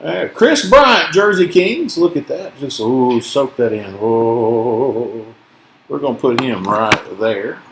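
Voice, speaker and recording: A man's voice: mid-range voice, animated, takes it slowly, noisy background. A man from Tennessee with a mild Southern accent, hosting a casual card-break chat and joking as he calls out each card. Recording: echoey room.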